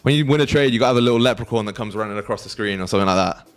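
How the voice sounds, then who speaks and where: A man's voice: on the low side, racing, clean tone. Casual British man streaming trades. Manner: banters with chat, swears freely, laughs often. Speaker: livestream trading host. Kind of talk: casual livestream chat with viewers.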